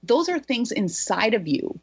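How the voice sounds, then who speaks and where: A woman's voice: a little high, big pitch swings, measured pace, husky, lo-fi sound. A woman hosting a health talk show, speaking in an emphatic, motivational way. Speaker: health coach, show host. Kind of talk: energetic radio talk.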